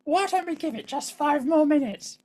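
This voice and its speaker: A British man putting on a high, sing-song voice to mimic his overly agreeable wife. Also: expressive, normal speed, warm tone.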